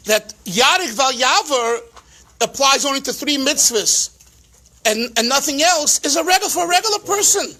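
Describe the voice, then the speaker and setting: A man, a rabbi, giving a farbrengen teaching talk with animated storytelling and emphatic repetitions. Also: extremely high pitch.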